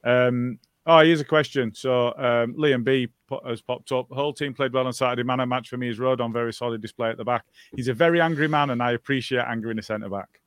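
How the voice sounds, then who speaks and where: A man's voice: medium pitch, fairly even intonation, fast, clean tone, no echo. A man hosting a football podcast, reading out listener comments and dropping wry, dry remarks along the way. His voice sounds close and dead, with no room around it. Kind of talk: casual football podcast chat.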